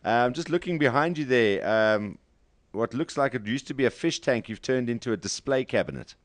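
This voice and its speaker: A man's voice: mid-range voice, expressive, normal speed, dry recording. Teasing, laughing male radio host. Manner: joking, teasing, laughs often. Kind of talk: casual interview over video call.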